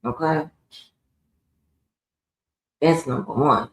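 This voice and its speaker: Female streamer, gravelly and hard-swearing, confrontational rant, echoey room. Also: deep voice, a little slow. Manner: profane, confrontational, swears heavily. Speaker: live stream host. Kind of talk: ranting live stream monologue.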